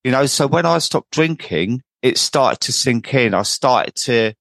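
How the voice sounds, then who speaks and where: Male podcast host, mid pitch, chatty and affirming, dry close sound. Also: lively intonation, a little slow, creaky, fairly bright tone, dry recording. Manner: affirming and chatty, with frequent restarts and tag questions. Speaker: podcast host and sobriety coach. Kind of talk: conversational interview.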